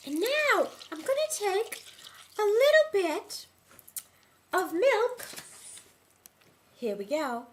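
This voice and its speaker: A woman's voice: high voice, very animated, slow pace, pauses often, fairly bright tone. A woman clowning her way through a mock cooking demonstration, playful and teasing in a sing-song way. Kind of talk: mock cooking show comedy.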